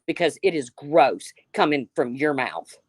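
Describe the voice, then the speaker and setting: A woman's voice: sits low, expressive, unhurried, a little mellow, breathy edge, no room sound, studio quality. A woman hosting a livestream, ranting heatedly with lots of swearing and calling out chat viewers by name. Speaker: livestream host.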